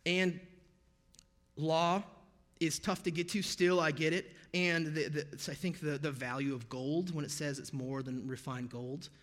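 A man's voice: on the high side, fairly even intonation, measured pace, a bit bright, big-room sound. An American man preaching a sermon as pastor, conversational and sprinkled with jokey pop-culture asides. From United States.

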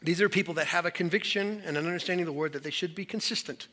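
A man's voice: on the high side, racing, sharp tone. A man pastor preaching a conversational, emphatic sermon to a church service.

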